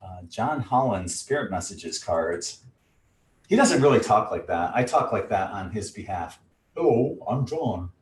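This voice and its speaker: A man in his sixties with a lowish voice reads oracle card messages aloud at an unhurried pace, with playful asides between passages. He sits back from the microphone, so the sound is distant and bounces around the room. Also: big pitch swings, echoey room, slight background noise. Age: 60s. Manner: slow, deliberate reading broken by chuckles and jokey asides. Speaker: host reading oracle cards.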